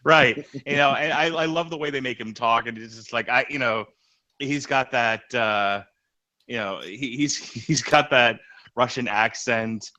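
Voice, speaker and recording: Comics podcast guy, bright voice, rambly, keeps restarting his sentences. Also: medium pitch, a little slow, highs cut off. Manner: rambling, restarts often, animated. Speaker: podcast co-host. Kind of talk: casual comics podcast chat.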